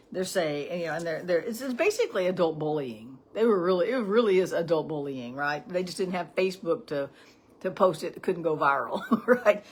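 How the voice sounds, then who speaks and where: Middle-aged woman, lowish husky voice, chatty devotional teacher who keeps checking in with "right?". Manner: chatty, with frequent "right?" asides. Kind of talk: casual morning devotional talk.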